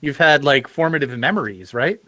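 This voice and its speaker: Bright, crisp-voiced male podcast host. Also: mid-range voice, moderate pace, dry recording. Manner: animated, stumbling over restarts. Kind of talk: conversational interviewing.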